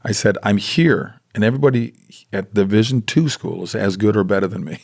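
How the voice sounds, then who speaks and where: An American man in his sixties, a guest in casual chat, telling animated stories and acting out the voices of people he quotes. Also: lowish voice, fairly quick, creaky. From United States.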